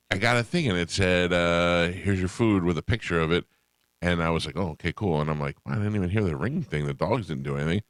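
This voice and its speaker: A man hosting a radio show, telling an animated story in casual studio banter. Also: low voice, clear, resonant tone, no echo. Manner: animated storyteller, acts out voices in dialogue.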